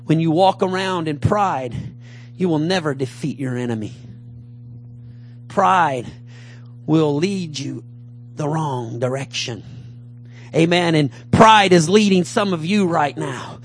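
A man preaching a fervent sermon, swinging between loud calls and low mutters as he acts out a taunting giant. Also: slow, pauses often, faint music behind.

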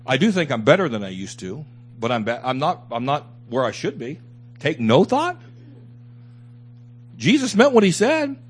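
A man's voice: mid-range voice, big pitch swings, normal speed, pauses often, breathy edge. A man preaching a sermon as pastor, emphatic and repetitive, with candid asides to his congregation. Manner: emphatic preaching with repeated phrases.

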